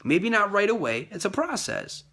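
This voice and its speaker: A man giving a rambling casual monologue about faith and love, repeating himself and jumping high in pitch when he quotes others. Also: sing-song, moderate pace, pushed and bright.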